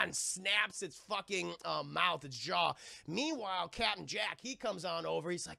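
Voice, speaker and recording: On a live stream, a man retells a film scene by scene in a casual, profane way, animated and slipping into quick character voices. His voice is high-pitched and gravelly, with no room sound.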